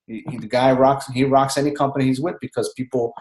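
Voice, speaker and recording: An excited man chats on a group call in a mid-pitched voice, rambling from one thought to the next and tossing in "man" at the end of his sentences. His voice comes through with a roomy echo, as if heard across a call line. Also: quick pace. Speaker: team member speaking on a group call. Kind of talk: casual chat on a conference call.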